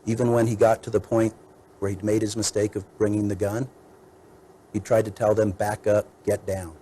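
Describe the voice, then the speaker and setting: Brief: male defense attorney, low mellow voice, measured courtroom argument. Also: flat delivery, slightly rough, low-quality recording. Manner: measured, methodical, lists points.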